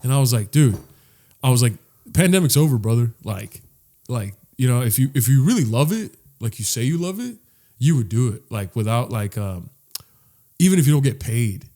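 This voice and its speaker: This man's medium-pitched voice is mellow and animated, moving at a normal speed. As a podcast co-host he spins a long, rambling tale full of profanity and "like," frequently starting over.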